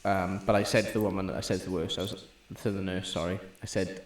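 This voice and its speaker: A man's voice: deep voice, fast, echoey room. A young man, co-hosting a podcast in casual chat and retelling stories with lots of swearing. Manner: swearing, storytelling, animated retelling. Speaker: podcast co-host.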